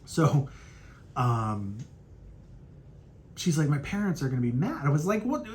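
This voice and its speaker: A young man hosting a casual podcast, telling a story in a loose, profane way and acting out quotes in a higher voice. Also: unhurried, pauses often. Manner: animated, profane, acts out quotes in raised pitch. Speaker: podcast host.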